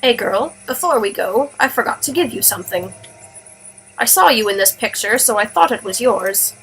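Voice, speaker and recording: A woman's voice: fairly high pitch, lively intonation, normal speed, a bit bright, husky, full character voice, poor audio. A woman voicing a polite, kindly male toad in a video game. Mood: friendly.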